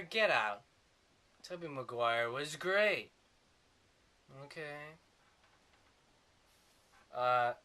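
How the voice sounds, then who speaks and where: A man's voice: high voice, pushed and bright. A man giving a sarcastic, rambling comedic movie review.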